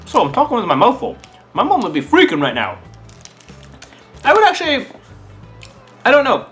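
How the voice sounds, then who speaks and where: A man from Scotland vlogging a casual taste-test review, chatty and thinking aloud while he eats. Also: high voice. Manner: chatty and animated, muses aloud while eating.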